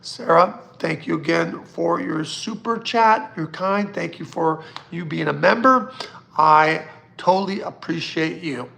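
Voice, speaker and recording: A man's voice: a little high, measured pace, vocal fry, sharp tone. A man hosting a live psychic question-and-answer stream, speaking bluntly and casually, reading viewer questions aloud and swearing now and then.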